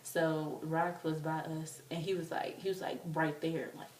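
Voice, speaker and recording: A young woman telling a story casually as a vlogger, excitable and chatty with lots of fillers. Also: low-pitched, normal speed, a little hiss or hum. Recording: roomy, distant from the mic.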